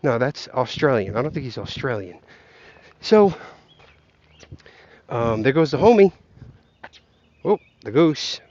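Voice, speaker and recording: Out walking along a path, a vlogger addresses his viewers in a rambling comic rant full of profanity and jokes. His medium-pitched voice is very animated yet slow, with long pauses and a slightly mellow quality, and the audio is dull.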